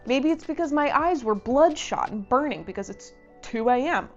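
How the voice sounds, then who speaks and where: Young female vlog host, gushing and chatty, slightly high-pitched, lo-fi sound. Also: expressive, moderate pace, faint music behind. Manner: bubbly, gushing, rambling with "like" fillers. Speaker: book reviewer and channel host. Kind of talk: casual vlog chat.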